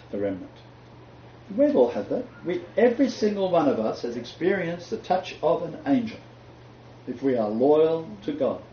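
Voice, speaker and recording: Older aussie guy preaching, mellow dark voice, kind of dull echoey room sound. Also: mid-range voice, a little hiss or hum. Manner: animated storyteller, sudden loud peaks. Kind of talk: sermon with personal story.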